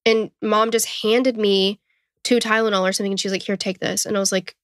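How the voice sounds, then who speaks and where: A woman with a Southern US accent, co-hosting a true crime podcast in a relaxed, chatty way. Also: medium pitch, a little fast, no echo, clean studio sound. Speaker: podcast co-host. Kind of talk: casual true crime storytelling.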